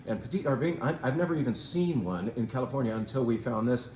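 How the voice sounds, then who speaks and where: A man's voice: medium pitch, lively intonation, darkish tone, roomy sound, a little hiss or hum, poor audio. Playful man hosting a wine talk. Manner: playful, theatrical, drawn-out emphasis. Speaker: wine shop host. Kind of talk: chatty wine presentation.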